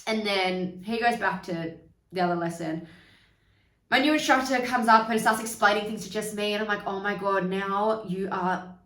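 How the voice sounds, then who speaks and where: A woman's voice: medium pitch, normal speed, fairly bright tone, distant mic. Chatty young woman telling a story, roomy sound. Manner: chatty and candid, swearing freely, acting out quoted voices. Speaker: podcast host. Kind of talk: candid personal storytelling. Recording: roomy, from away from the mic.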